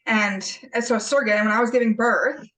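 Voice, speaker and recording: A woman's voice: on the high side, steady tone, quick pace, fairly bright tone, poor audio. A young adult woman chatting casually on a group video call, peppering her speech with "like". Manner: casual, heavy use of "like". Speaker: coaching group member.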